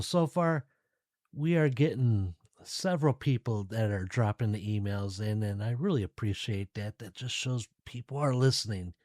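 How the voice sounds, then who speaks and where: A man hosting his own podcast, talking casually and directly to his listeners in a relaxed, chatty way. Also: medium pitch, no echo, clean studio sound. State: tired, yawning. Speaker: podcast host. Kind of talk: casual solo podcast talk.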